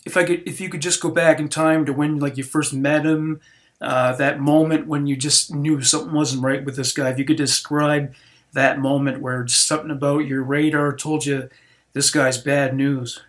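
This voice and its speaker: A man leads an interview, with his voice set a little higher than most men's. He asks probing questions in a gentle way and often stops to rephrase them. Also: level tone, normal speed.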